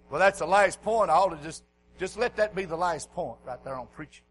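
A man preaching a folksy revival sermon in a church, dropping to quiet asides and rising to shouts. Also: a little fast, poor audio. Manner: folksy, swings from low murmurs to hoarse shouting.

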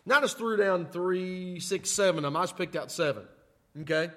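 A man preaching a sermon in a folksy way, often asking "okay?" and moving between loud emphatic lines and quiet asides. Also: high-pitched, normal speed. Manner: folksy, repeats "okay?" to check in with listeners. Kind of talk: sermon teaching.

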